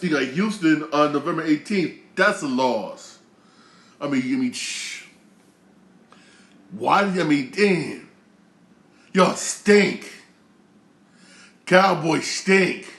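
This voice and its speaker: A man's voice: mid-range voice, fairly bright tone, echoey room. A man hosting his own show, rambling through a casual sports rant with many fillers and taunts. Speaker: show host.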